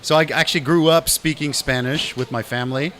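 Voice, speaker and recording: A man's voice: a little high, fairly even intonation, a little fast, fairly bright tone. A middle-aged man hosting a casual interview chat, upbeat and friendly, calling his guest brother and man. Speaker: host.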